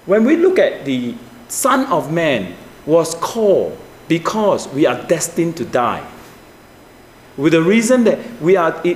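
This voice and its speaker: A man's voice: fairly high pitch, a little mellow, echoey room, a little hiss or hum. A man preaching a sermon, asking the listeners questions, with slightly non-native grammar. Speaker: pastor.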